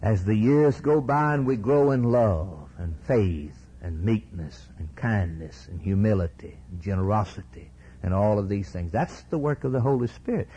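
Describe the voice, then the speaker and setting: Husky impassioned preacher on radio. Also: male voice, lowish voice, moderate pace, low-quality recording. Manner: impassioned, swings between hushed and soaring. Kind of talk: sermon.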